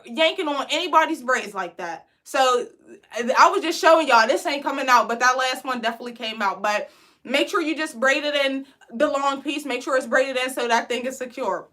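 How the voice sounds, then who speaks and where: A woman's voice: sits high, bright, forceful tone. A young woman from Pittsburgh, hosting a casual live braiding tutorial and chatting with viewers as she reads their comments. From Pittsburgh, USA.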